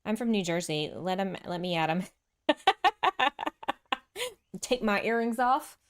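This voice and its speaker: A woman with a Texan accent hosts a casual game livestream, chatting with viewers and laughing often as she plays. Her voice is medium-pitched, brisk, and clean-toned, with lively intonation.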